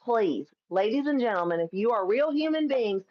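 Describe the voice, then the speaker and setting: A woman's voice: on the high side, animated, moderate pace, muffled recording. Chatty woman live-streaming. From Kentucky. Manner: chatty and emphatic, laughs often, swears freely. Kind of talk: casual political live stream. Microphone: phone or camera on a live stream.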